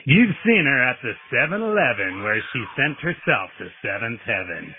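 A man voicing a sleazy male radio ad announcer, with a hyped, swooping sales pitch. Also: sing-song, moderate pace, over music, close to an everyday voice. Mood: hyped, salesy. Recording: tinny phone-line sound.

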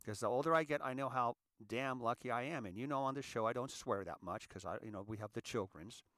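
A man of sixty from California, hosting a show and telling his story in an earnest, halting monologue that often repeats words. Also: mid-range voice, a bit bright, dry recording. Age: 60s. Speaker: show host. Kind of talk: confessional monologue.

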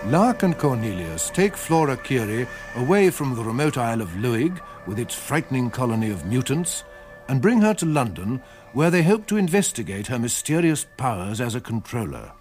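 Guy narrating an old radio drama, formal and measured, lively tone, music behind. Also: mid-range voice. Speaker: announcer.

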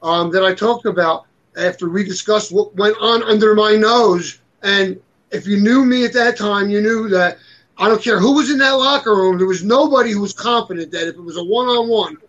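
A man's voice: sits high, normal speed, fairly bright tone, lo-fi sound. A man speaking earnestly and with emphasis in a casual chat.

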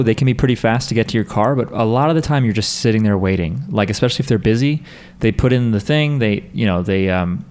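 A man's voice: medium pitch, a little mellow. A man co-hosting a podcast, chatting casually in a wry, rambling way with many restarts. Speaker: podcast co-host. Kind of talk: casual chat.

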